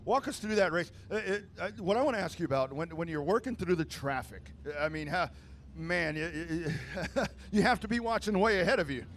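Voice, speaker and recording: A man announcing a race finish and interviewing drivers in victory lane, outdoors at a dirt track, talking excitedly with stammers and loud calls. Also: high-pitched, a little fast, a little hiss or hum.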